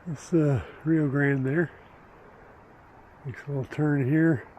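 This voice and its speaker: Older man slowly narrating his hike. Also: fairly high pitch, fairly even intonation, a little mellow, highs cut off, a little hiss or hum. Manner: slow, unhurried, self-deprecating, with many pauses and fillers. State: out of breath from hiking. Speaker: hiking vlogger. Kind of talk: casual hiking vlog narration. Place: outdoors on a rocky desert canyon trail. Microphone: handheld or body camera mic while walking.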